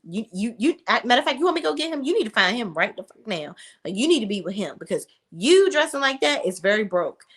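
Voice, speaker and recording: A woman voicing a brash, profane male coworker who mocks and insults, pitched well above her own voice. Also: very animated, fast talker, few pauses, fairly bright tone, husky, heavily acted. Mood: mocking. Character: sassy blunt male coworker, mocking.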